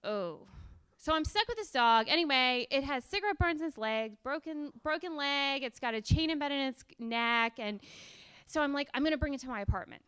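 A woman's voice: sits high, expressive, moderate pace, pushed and bright. A young woman telling a personal story live to an audience in a chatty, rambling way, with lots of ums and self-deprecating humor. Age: young adult. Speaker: storyteller and salesperson.

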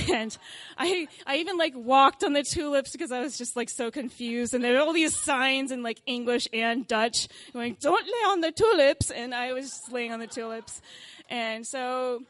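Animated young woman telling a comic story. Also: fairly high pitch, no echo. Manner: animated, self-mocking, acts out scenes, laughs often. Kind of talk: comic live personal story.

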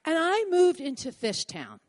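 Animated high-voiced Philly woman storyteller. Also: measured pace, no room sound. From Philadelphia. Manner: animated, acts out her own and others' lines. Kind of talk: live personal storytelling.

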